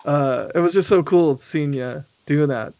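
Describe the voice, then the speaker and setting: An American man hosting a relaxed podcast chat, his voice sitting a little high for a man. He rambles, laughs often and restarts his sentences. The sound is dry and a touch dull. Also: moderate pace, no room sound. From United States. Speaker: podcast host. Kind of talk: casual chat.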